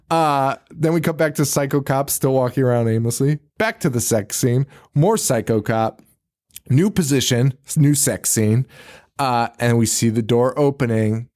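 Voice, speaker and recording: A man's voice: medium pitch, mellow. A man hosting a podcast, casually retelling a film with frequent laughter and swearing. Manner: laughing often, swearing, acting out lines. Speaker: podcast host. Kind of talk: casual movie recap.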